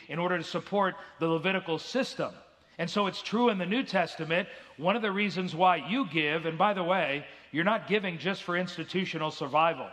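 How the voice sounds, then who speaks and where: A man in the pulpit delivering an earnest sermon in a high-pitched voice. His tone is bright and forceful, and he slips into acted voices to tell his stories. The sound carries through a big church sanctuary with a long, ringing reverb. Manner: earnest preaching, acts out quoted voices. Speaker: pastor.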